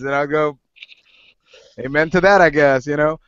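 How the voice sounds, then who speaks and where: A man's voice: a little high, steady tone, normal speed, a loud crowd. A man co-hosting a podcast, telling a profane story in casual chat and acting out the quoted lines. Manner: swearing storyteller who acts out quoted dialogue. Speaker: podcast co-host. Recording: dull lo-fi audio.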